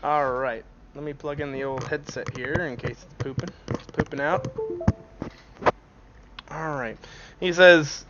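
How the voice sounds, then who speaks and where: Profane laughing game master, lo-fi mic. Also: male voice, on the high side, steady tone, unhurried, long pauses, fairly bright tone. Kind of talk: narrating a tabletop game. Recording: dull lo-fi mic.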